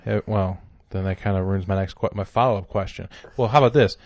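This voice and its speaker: A man with a lowish voice co-hosting a comedy podcast, riffing with sarcastic energy. The sound is dry and close to the mic, with no room in it. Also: fast talker, dry recording, muffled recording. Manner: sarcastic, animated storyteller. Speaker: podcast co-host. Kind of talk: casual comedy chat.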